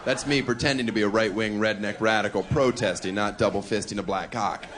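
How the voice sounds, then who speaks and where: A man's voice: fairly low pitch, steady tone, fairly quick. A man performing a stand-up comedy set on a club stage, brash and provocative, mocking his audience. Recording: live club with crowd laughter and noise.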